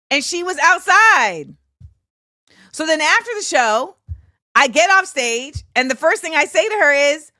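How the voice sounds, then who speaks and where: A woman in her thirties tells a personal story as a show host, her voice bright and forceful. She talks in an animated way and acts out what people said. The sound is dry and close. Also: high voice, moderate pace, dry recording. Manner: animated, acts out quoted voices, laughs often. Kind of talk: casual storytelling chat.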